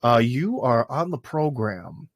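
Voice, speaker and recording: Man, livestream host, casual rambling chat, lots of fillers, dry close sound, mid pitch. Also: very animated, slow, dry recording. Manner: loose, rambling, filler-heavy talk. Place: in front of a green screen.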